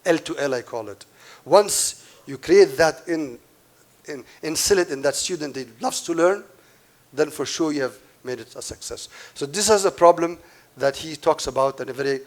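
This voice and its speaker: A man's voice: medium pitch, moderate pace. Emphatic man giving a keynote speech. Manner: emphatic, repeats key points, asides to the audience. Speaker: keynote speaker. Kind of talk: conference speech to an audience.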